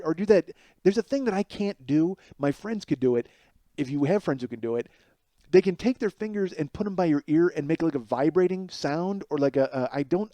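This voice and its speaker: Man in his forties, podcast host; animated solo storyteller who swears freely and mocks himself. Slightly high, mellow voice, dry close sound. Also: no echo. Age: 40s. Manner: animated, profane, self-mocking.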